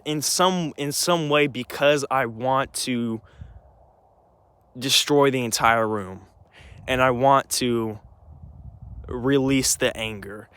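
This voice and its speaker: A man's voice: mid-range voice, a bit bright, clean tone, dry recording. A young man telling a personal story in an agitated, rambling way, full of restarts and swearing. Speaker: vlogger.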